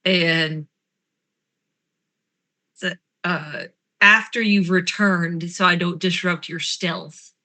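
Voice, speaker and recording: A player at a tabletop role-playing game, chatty and quick to correct themselves. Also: mid-range voice, steady tone, bright, forceful tone. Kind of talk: casual game table chat.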